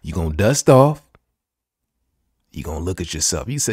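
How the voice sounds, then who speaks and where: Lively, low-voiced man giving a pep talk. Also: a little slow, husky, no echo, studio quality. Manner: emphatic, repetitive, slangy. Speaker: podcast host.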